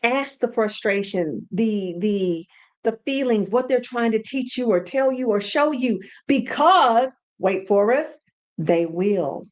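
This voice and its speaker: A woman hosting a casual teaching talk from home, animated and repeating words for emphasis. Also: a little high, takes it slowly. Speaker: podcast host and brand coach.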